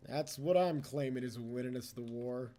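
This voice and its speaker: A man's voice: medium pitch, normal speed, warm tone, soft background music. A man giving casual gameplay commentary as a let's play host, chatty and teasing the computer opponents.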